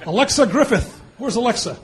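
Joking mayor, high voice, crowd behind. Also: male voice, animated. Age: born 1964, 50s or 60s. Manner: teasing, quick quips, laughs often. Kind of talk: joking with children at a public meeting. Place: meeting hall with an audience.

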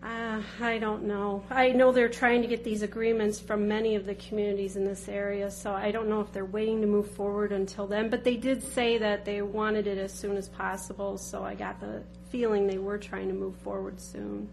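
A woman's voice: mid-range voice, little pitch movement, normal speed, creaky, hardly any pauses, darkish tone, a little hiss or hum. A woman on city staff answering a committee's questions in a plain, informal way.

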